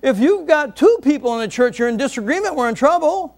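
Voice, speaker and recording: A man preaching a sermon, asking the congregation questions and moving between loud exclamations and quiet asides. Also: very high voice, expressive, brisk, vocal fry. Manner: asks the congregation rhetorical questions.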